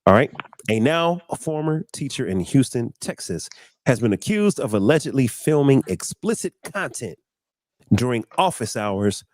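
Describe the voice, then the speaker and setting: A man hosting a casual livestream chat, informal and animated. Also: medium pitch, normal speed, no echo. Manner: animated, laughing easily, informal. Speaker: livestream host.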